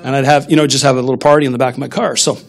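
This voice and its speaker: A man's voice: medium pitch, little pitch movement, rapid-fire, creaky, faint music behind. A middle-aged man, a pastor, preaching a sermon in a conversational, humorous storytelling manner.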